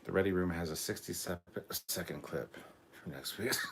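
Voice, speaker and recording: A Canadian man in his forties hosts a loose live reaction stream in a deep, low voice. He rambles with plenty of ums, reads viewer chat aloud and keeps apologizing for a nagging cough. A faint hiss sits under the recording. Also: a little slow, fairly bright tone. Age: 40s. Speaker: livestream host.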